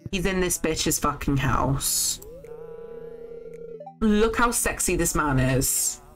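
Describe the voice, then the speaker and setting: A young woman chats to her viewers while she plays. Her voice sits fairly low, but she talks in big, swooping rises and falls. She swears easily, and quiet game music runs behind her. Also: animated, takes it slowly. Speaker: streamer. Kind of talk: casual game-stream chat.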